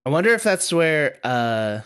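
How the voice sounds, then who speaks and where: Male co-host, animated pitch, slightly high, hesitant casual talk. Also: a little slow, clean tone. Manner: hesitant, full of ums and restarts. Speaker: podcast co-host. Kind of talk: casual chat.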